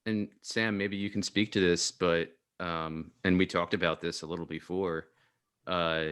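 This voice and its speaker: A man hosting a podcast in casual chat, halting and searching for his words. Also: low voice, little pitch movement, fairly bright tone, clean tone. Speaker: podcast host.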